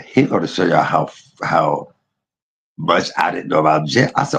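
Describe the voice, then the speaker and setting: A man casually telling a personal story to his viewers, animated, blunt and profane, laughing at himself as he goes. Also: low voice, moderate pace, gravelly, a little hiss or hum. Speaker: vlogger.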